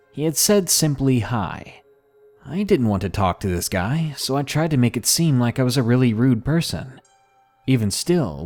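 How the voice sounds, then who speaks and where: A man reading submitted horror stories aloud in a measured, somber first-person narration. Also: fairly low pitch, a little mellow.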